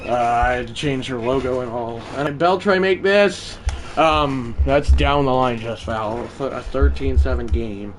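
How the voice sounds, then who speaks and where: A man livestreaming a baseball video game, chatting to viewers and shouting when big hits land. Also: medium pitch, unhurried, slight background noise. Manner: excitable, swings from mumbled asides to shouted play calls. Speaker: gaming livestreamer. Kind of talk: live gameplay commentary.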